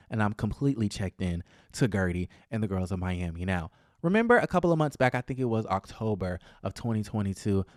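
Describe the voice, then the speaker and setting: A man's voice: lowish voice, dry recording, clean studio sound. A man hosting a gossip vlog, giving sassy, dramatic commentary on reality TV with playful asides. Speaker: celebrity gossip vlogger.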